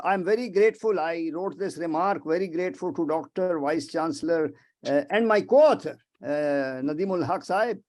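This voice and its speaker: An older man from Pakistan with a Pakistani accent, giving a formal academic lecture over a video call in a measured, hesitant way. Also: high-pitched. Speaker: guest speaker.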